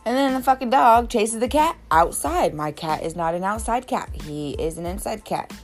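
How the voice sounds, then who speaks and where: A woman's voice: on the high side, animated, normal speed, hardly any pauses, soft background music. A woman venting about her day in a blunt, exasperated rant full of swearing. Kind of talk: casual profane rant.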